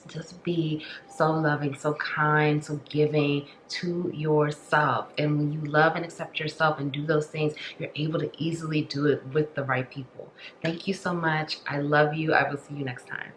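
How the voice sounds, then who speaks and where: A woman giving a spiritual tarot reading in an affectionate, rambling way, full of "like" and "you know", at times dropping into soft whispers. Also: low-pitched, little pitch movement, normal speed, hardly any pauses, roomy sound, a little hiss or hum, low-quality recording. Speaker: tarot reader.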